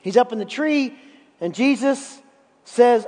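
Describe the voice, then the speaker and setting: A man's voice: high voice, takes it slowly, darkish tone, long reverb tail. A man in his fifties preaching a sermon as pastor, emphatic and often repeating words to drive a point home. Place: church sanctuary.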